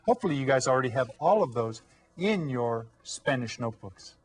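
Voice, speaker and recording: A man teaching young children in a recorded classroom lesson. He speaks in a friendly, encouraging way and slows down to draw out each new word for the kids to repeat. His voice sits in a middle pitch. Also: animated, slightly rough. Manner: slow, drawn-out modeling of words for children to repeat. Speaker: Spanish teacher. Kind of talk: elementary school video lesson.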